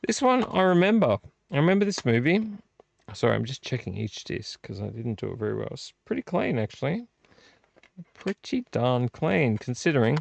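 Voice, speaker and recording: A man's voice: mid-range voice, very animated, fairly quick, gravelly. A middle-aged man hosting a casual late-night vlog from a room at home, rambling and thinking aloud as he looks over discs. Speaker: vlog host.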